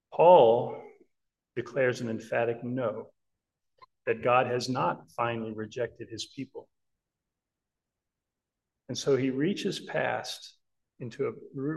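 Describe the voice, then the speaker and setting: A man's voice: medium pitch, vocal fry, rough recording. A man preaching a Bible-teaching sermon in an earnest, emphatic way, often checking in with listeners.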